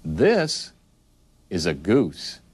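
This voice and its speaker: A man slowly naming animals for young children in a patient, sing-song teaching voice and asking the listener questions. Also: low-pitched, wildly swooping pitch, heavy background noise. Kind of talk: children's picture-book narration.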